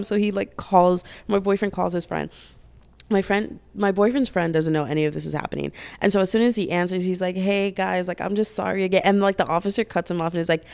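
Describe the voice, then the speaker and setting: A young woman telling a personal story in a casual storytime vlog, animated and chatty, full of fillers, acting out what others said. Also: on the low side, vocal fry, smooth. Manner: animated, fast-talking, many fillers, voices quoted lines loudly.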